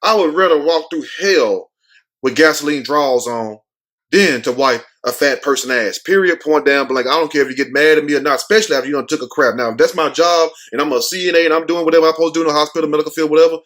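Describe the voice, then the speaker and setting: A man's voice: fairly high pitch, fast talker, a bit bright. Brash joking male commentator. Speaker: show host. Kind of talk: comedic news commentary.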